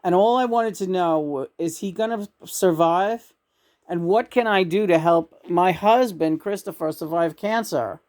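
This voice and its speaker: A woman's voice: on the low side, unhurried, a little mellow. A woman sharing a personal story in a loose, chatty way. She gets emotional easily and laughs often, with lots of restarts. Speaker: channel and vlogger.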